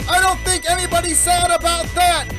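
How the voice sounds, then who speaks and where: A woman's voice: extremely high pitch, little pitch movement, a little fast. A woman announcing the teams in a sports-style hype voice. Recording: announcement over clear music.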